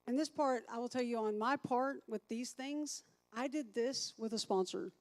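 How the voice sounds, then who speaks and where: A woman's voice: a little high, moderate pace, a little mellow. A woman teaching a recovery class as a sponsor, chatty, thinking aloud and asking the group questions.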